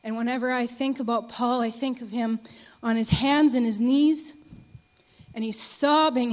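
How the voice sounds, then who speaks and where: A young woman in her early twenties giving an earnest sermon and testimony, speaking slowly with many ums. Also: on the high side, steady tone, darkish tone. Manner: earnest, many ums, rises to emotional pleading. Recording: long reverb of a large hall.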